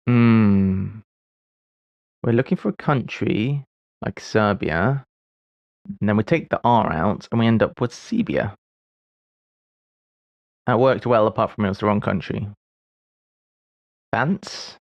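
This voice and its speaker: This man in his forties thinks aloud during a live puzzle stream, muttering fragments and chuckling at his own missteps. His lowish, gravelly voice moves slowly and pauses often, and the muffled recording has no echo.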